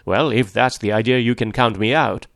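A man's voice: mid-range voice, expressive, brisk, no room sound, studio quality, pitched above the performer's own voice, close to an everyday voice. A man reading a story aloud, voicing an arrogant, indignant wealthy husband in a raised, sneering voice. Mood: scornful.

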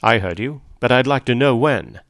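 A man's voice: medium pitch, expressive, moderate pace, gravelly, a bit bright, no room sound, studio quality. A man reading a story aloud, voicing an arrogant, indignant wealthy husband in a raised, sneering voice. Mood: scornful.

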